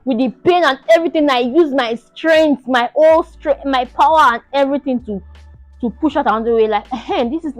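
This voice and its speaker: A young woman telling her own story to the camera in an animated, casual way, laughing often and acting out the shouts and pleas. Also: high voice, a little fast, no room sound, soft background music. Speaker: vlogger sharing her birth story.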